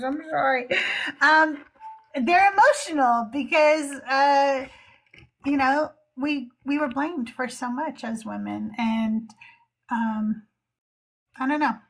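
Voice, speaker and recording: A woman hosting a live call-in show, talking slowly and earnestly with many fillers. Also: sits high, animated, a bit bright. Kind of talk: casual livestream talk.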